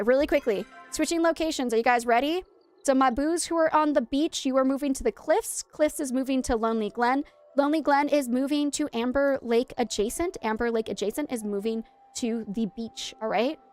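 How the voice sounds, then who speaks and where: Chatty higher-voiced woman streaming a game. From Maine, United States. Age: 30s. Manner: chatty and animated, talking to her chat while playing. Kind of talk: casual livestream chat while gaming.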